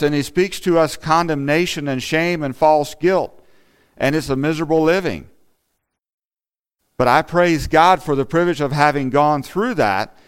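A man's voice: on the high side, smooth. A man giving an earnest, conversational sermon in a church, often saying "you know" as he talks. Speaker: lay preacher.

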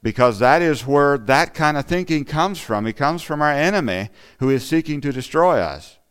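A man's voice: fairly high pitch, expressive, moderate pace, fairly bright tone, clear, resonant tone. A man giving an earnest, conversational sermon in a church, often saying "you know" as he talks. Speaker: lay preacher.

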